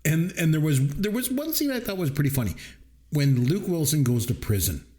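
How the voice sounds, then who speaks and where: Brisk and on the high side, this middle-aged man from Canada co-hosts a podcast's casual movie-review chat. His storytelling is animated, and he acts out quotes in various voices.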